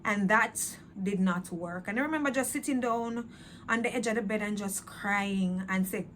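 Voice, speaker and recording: A woman giving a personal faith testimony in a slow, reflective, earnest way, pausing often with fillers and speaking openly about her feelings. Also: mid-range voice, fairly bright tone, a little hiss or hum. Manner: earnest, emotionally open.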